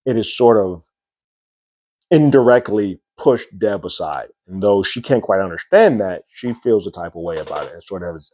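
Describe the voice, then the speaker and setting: A man's voice: sits low, a little mellow, no room sound. A man reviewing a TV episode in a casual, rambling recap full of "sort of" and "like". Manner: rambling, many "sort of" and "like" fillers.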